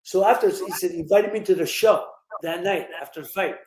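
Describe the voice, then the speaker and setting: Older guy telling stories in a live interview, lots of ums and restarts, high voice, echoey room. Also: a little fast, a little mellow, a little hiss or hum. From Ohio, USA. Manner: rambling, full of fillers and restarts. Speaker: interview guest, former boxer.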